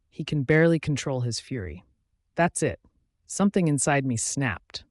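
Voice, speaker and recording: A man narrating a first-person fantasy romance audiobook in a steady storytelling voice. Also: mid-range voice, moderate pace, no echo, studio quality.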